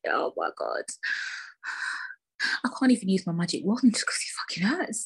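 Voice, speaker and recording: A woman's voice: medium pitch, expressive, moderate pace, creaky, breathy edge. A young woman hosting a podcast alone, talking candidly and bluntly with lots of swearing. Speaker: podcast host. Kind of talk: casual solo podcast chat.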